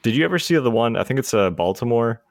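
A man co-hosting a casual podcast chat, opinionated and animated, swearing casually. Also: medium pitch, quick pace, vocal fry, no echo, studio quality. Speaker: podcast co-host.

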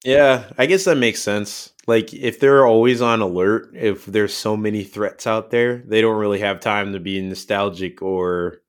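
A man's voice: lowish voice, fairly even intonation, a little slow, few pauses, clear, resonant tone. A man co-hosting a podcast in casual chat, laid-back, laughing often and leaning on fillers. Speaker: podcast co-host.

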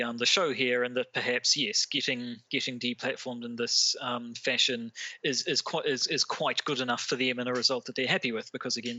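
A man's voice: medium pitch, sharp tone, no echo. A man co-hosting a podcast, talking casually and often stopping to restart and repeat words. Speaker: podcast co-host. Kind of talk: casual discussion.

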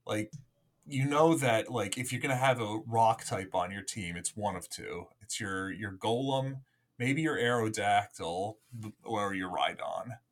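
A man's voice: on the low side, unhurried. A young man co-hosting a podcast in casual chat, rambling with lots of fillers and restarts. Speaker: podcast co-host.

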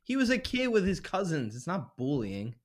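A man's voice: fairly high pitch, wildly swooping pitch, normal speed. A man co-hosting a casual podcast, reviewing TV shows, blunt and teasing, laughing often. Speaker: podcast co-host. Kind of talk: casual chat, film and TV review.

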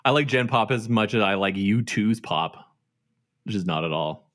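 A man's voice: on the low side, expressive, normal speed, fairly bright tone. A man co-hosting a podcast, chatty and laughing often as he shares music facts. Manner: chatty, laughs often, fun-fact explaining. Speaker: podcast co-host. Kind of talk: casual chat.

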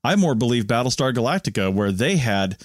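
A man's voice: mid-range voice, big pitch swings, a little fast, no echo, clean studio sound. A man co-hosting a podcast, chatting casually and skeptically, rambling and restarting his sentences. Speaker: podcast co-host. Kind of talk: casual chat.

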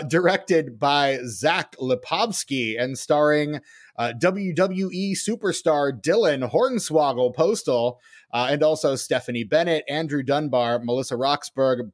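A man hosting a casual film podcast, joking and punning as he talks. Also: on the high side. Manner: jokey, punning, animated. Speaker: podcast host.

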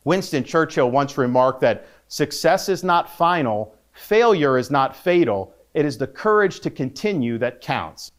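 A male politician giving a formal, measured campaign statement from a script. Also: medium pitch, expressive.

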